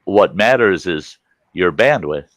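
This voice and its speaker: A man's voice: low-pitched, lively intonation, slow pace, fairly bright tone, dry recording. A middle-aged man hosting a livestream, telling rambling folksy stories in casual chat. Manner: folksy, rambling anecdotes with lots of restarts. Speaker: host.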